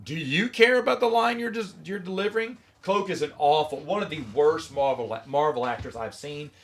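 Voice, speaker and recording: A middle-aged man hosting a podcast on his own, giving an opinionated, sarcastic review in casual chat and mocking lines in a flat voice. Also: a little high, normal speed. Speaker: podcast host. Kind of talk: casual solo review monologue.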